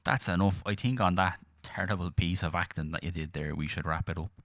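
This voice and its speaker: A man's voice: low voice, fairly even intonation, a little fast, fairly bright tone, dry recording, studio quality. A man co-hosting a podcast, chatting casually with crude jokes and lots of swearing. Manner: crude, jokey banter with heavy swearing. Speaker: podcast co-host. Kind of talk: casual chat.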